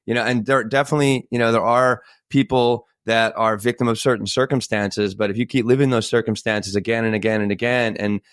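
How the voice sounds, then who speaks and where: A man's voice: mid-range voice, fairly even intonation, a little fast, hardly any pauses, clear, resonant tone, no room sound, clean studio sound. A tired man co-hosting a podcast, talking in a frustrated, rambling way full of fillers. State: tired, short on sleep. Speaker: podcast co-host. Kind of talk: podcast conversation.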